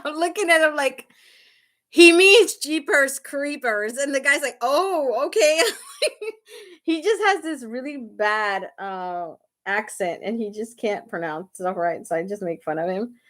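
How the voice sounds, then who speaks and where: A woman's voice: mid-range voice, lively intonation, moderate pace, a bit bright. Chatty woman livestreaming a makeup tutorial. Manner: chatty and rambling, laughs often; talks straight to viewers, asking "right?" and "okay?". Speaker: beauty vlogger hosting a livestream. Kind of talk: casual chat during a live makeup tutorial.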